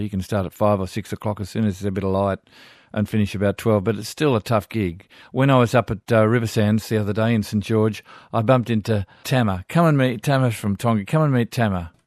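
A man's voice: on the low side, no room sound, studio quality. An older Australian man hosting a radio show, reading listener letters with chatty asides. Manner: warm chatty asides, chuckling.

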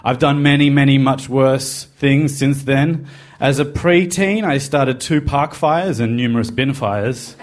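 Aussie guy telling a story on himself, dry and self-mocking, mid-pitched voice. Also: a little slow. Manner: wry, self-deprecating confessional telling. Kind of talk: personal story told to a live podcast.

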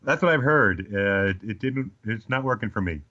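A man's voice: lowish voice, lively intonation, moderate pace, sharp tone, no echo. A man in his forties with an Australian accent, telling comic stories in a casual chat as a guest, with a dry joking manner. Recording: slightly dull lo-fi sound.

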